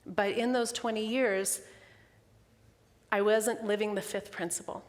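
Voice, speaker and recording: A middle-aged woman preaches a heartfelt sermon from the front of a church, speaking candidly about her own spiritual journey. Her voice sits at an ordinary pitch and carries a long reverb from the sanctuary, and she sounds close to tears. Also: fairly even intonation, measured pace. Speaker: minister. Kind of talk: personal sermon.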